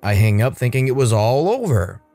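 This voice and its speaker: A man narrating a first-person online revenge story in an animated, scripted read. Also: medium pitch, moderate pace, no echo, soft background music.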